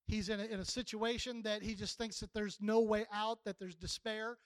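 A man's voice: high voice, little pitch movement, moderate pace, no echo, low-quality recording. A man in his sixties preaching a sermon in a folksy, plainspoken, conversational way.

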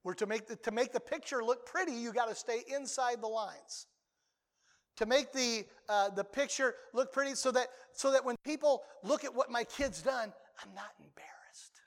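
An older man preaching a sermon as a pastor, talking conversationally and breaking into sudden loud outbursts. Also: very high voice, moderate pace, in a large hall.

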